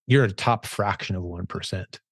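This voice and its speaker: Male host, low voice, punchy conversational delivery, dry close sound. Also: moderate pace, husky, no echo. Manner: emphatic, says "dude" a lot. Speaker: podcast host. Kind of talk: casual interview chat.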